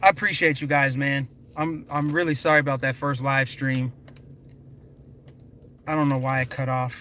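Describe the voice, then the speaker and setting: A man's voice: medium pitch, level tone, moderate pace, pushed and bright, a little hiss or hum, rough recording. A young man live streaming, talking emphatically and directly to his viewers in a conversational way. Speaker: political vlogger.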